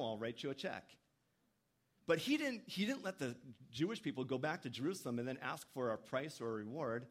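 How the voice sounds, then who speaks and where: A man preaching a sermon at a medium pitch. He keeps a conversational tone, stumbles now and then, and leaps higher when he acts out the speakers in his text. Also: brisk. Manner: animated preaching, voicing quoted speakers with sudden pitch jumps. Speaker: pastor.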